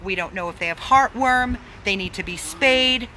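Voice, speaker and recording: A woman's voice: fairly high pitch, moderate pace, pushed and bright, a little hiss or hum, poor audio. A woman who runs an animal rescue, pleading for donations, emphatic and repeating words for stress. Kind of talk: pleading fundraising appeal.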